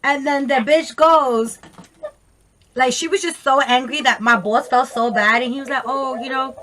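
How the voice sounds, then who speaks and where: A woman tells a story to her camera in a casual, animated, profane way, full of slang and quoted voices. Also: high voice, normal speed, a little hiss or hum. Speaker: vlogger.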